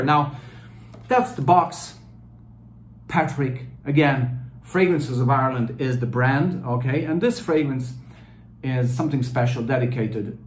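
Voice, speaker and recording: A man talks through a fragrance review in a loose, rambling way, stopping and restarting often. His voice sits at an ordinary pitch. The room around him rings with noticeable echo. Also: slight background noise. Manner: rambling, chatty, frequent fillers and restarts. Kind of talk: casual video review. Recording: roomy echo.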